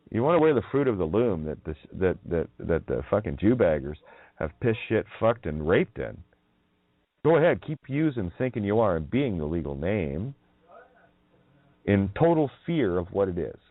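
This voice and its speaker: Using a low voice with big pitch swings at a moderate pace, a man hosts a meandering solo radio monologue. He laughs a lot, swears, mocks, and plays on word sounds. The recording has no room sound but is narrow and tinny, like a phone line.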